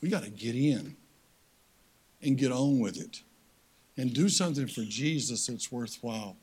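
An older man preaching a folksy sermon as guest speaker, swinging from loud, high-pitched exhortation to hushed, low appeals. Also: expressive, a little slow, slightly rough.

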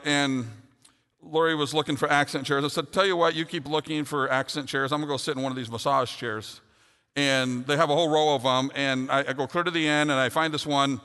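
A man's voice: a little high, sharp tone, clean tone. A middle-aged man preaching a sermon, earnest and then telling a funny personal story. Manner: earnest, builds to humorous storytelling. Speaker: pastor. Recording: long hall reverb.

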